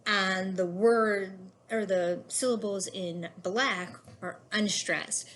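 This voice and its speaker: A woman's voice: mid-range voice, slight background noise. A woman teacher giving a recorded lesson, explaining patiently with a few fillers.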